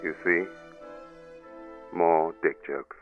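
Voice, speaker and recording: A man's voice: low voice, fairly even intonation, drawn-out words, phone-quality sound, faint music behind, voice pushed down. A man putting on a pompous orator with a bad imitation English accent, declaiming a mock-grand comedy monologue in a solemn, theatrical way. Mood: grandiose.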